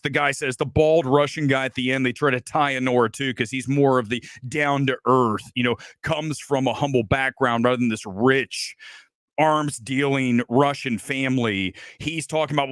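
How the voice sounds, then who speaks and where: A man's voice: medium pitch, expressive, normal speed, fairly bright tone, dry recording, studio quality. A man hosting a livestreamed movie review, ranting angrily and swearing a lot as he tears into a film. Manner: angry, profane and exasperated. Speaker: film reviewer and show host.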